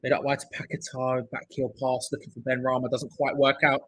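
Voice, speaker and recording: A man's voice: mid-range voice, level tone, a little fast, a bit bright, husky, low-quality recording. A young man hosting a live football watch-along, chatting, joking and reading out viewer comments. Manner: chatty, jokey, reads viewer comments aloud.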